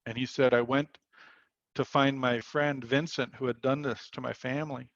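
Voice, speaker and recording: A man's voice: mid-range voice, steady tone, moderate pace, a bit bright, no room sound, highs cut off. A man leading a spiritual workshop over a video call, telling a story earnestly and quoting the people in it. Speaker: workshop leader.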